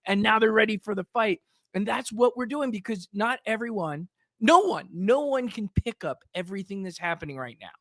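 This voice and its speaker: An enthusiastic man on a panel chat with a notably high voice. He gushes with praise and builds excitement as he talks. The recording is dry, with no room sound. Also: normal speed, no room sound. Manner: enthusiastic, effusive.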